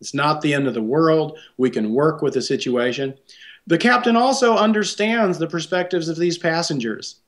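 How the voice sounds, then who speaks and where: A man's voice: a little high, moderate pace. A man, a psychologist guest, explaining ideas thoughtfully in an interview and often checking in with a tag question.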